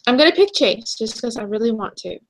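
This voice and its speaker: A woman's voice: a little high, animated, a little fast. Chatty young woman co-hosting. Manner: chatty, laughs easily, trails off and restarts. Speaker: podcast co-host. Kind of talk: casual chat.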